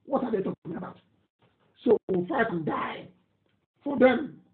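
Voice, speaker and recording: On a live radio broadcast, a Nigerian-accented man with a very high, expressive voice reads out listener messages at an unhurried pace. His delivery is emphatic, indignant and repetitive. The audio is tinny and phone-like, with an echoey room.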